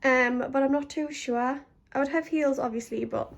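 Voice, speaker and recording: A woman's voice: high-pitched, steady tone, normal speed, creaky. A young woman, chatting casually and upbeat to camera in her vlog. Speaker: vlogger. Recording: loud background noise, traffic.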